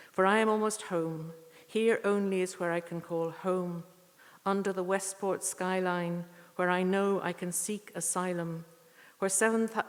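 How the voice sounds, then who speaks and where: Middle-aged woman, lowish voice, reads poems at a tribute evening, church reverb. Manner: measured, deliberate reading with rambling asides. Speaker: poet reading at a tribute evening. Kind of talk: poetry reading with chatty introductions.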